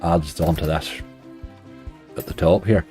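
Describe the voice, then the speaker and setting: A low-pitched Northern Irish man with a mellow, relaxed tone gives casual running commentary as a slots streamer. He chats to his viewers and grumbles whenever the game lets him down. Soft music plays faintly behind him. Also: a little slow.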